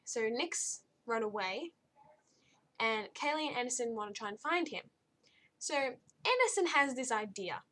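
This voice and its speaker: A woman's voice: fairly high pitch, expressive, a little slow, pushed and bright. Blunt young woman. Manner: blunt, exasperated, rambling with restarts. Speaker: book reviewer. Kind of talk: casual spoken review.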